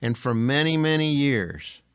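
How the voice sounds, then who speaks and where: Slow, smooth-voiced older man on a podcast. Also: mid-range voice, expressive, a bit bright, no room sound, studio quality. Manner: slow, deliberate, wry. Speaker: podcast co-host, voice actor. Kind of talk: casual podcast chat.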